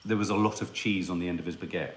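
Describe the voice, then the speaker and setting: A man's voice: low voice, steady tone, quick pace. A middle-aged English man with an English accent, co-hosting a casual chat, teasing and joking as he reads viewer comments aloud. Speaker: co-host.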